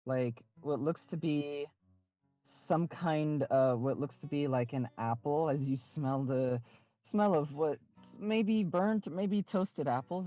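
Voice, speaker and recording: A game master narrating a tabletop game in a halting way, often stopping to restart. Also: mid-range voice, mellow, lo-fi sound.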